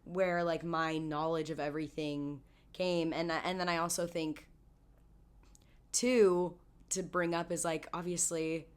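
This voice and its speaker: A young woman's raspy, husky voice sits a touch low as she co-hosts a laid-back podcast. She sounds like she's coming down with something and talks in loose, rambling runs, often restarting her sentences. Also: little pitch movement, measured pace. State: getting sick. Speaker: podcast co-host. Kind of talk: casual chat.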